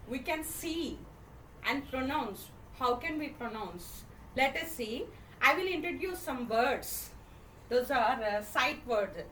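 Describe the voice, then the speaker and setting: A woman's voice: high-pitched, sharp tone. A woman with an Indian English accent teaching first graders to read, spelling each word letter by letter, then saying it, and often checking "okay?". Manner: spells words letter by letter, then says them slowly; repeats questions, checks with "okay?". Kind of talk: classroom phonics lesson. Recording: echoey room, mic at a distance, faint noise.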